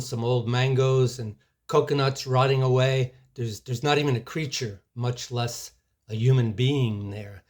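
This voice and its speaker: A man preaching, telling an illustration story at an unhurried pace, with asides and small restarts. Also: medium pitch.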